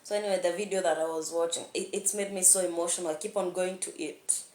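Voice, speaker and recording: A woman's voice: lowish voice, fairly even intonation, quick pace, a little mellow. A young woman talking candidly in a rambling vlog monologue, laughing often. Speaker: vlogger. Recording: echoey room.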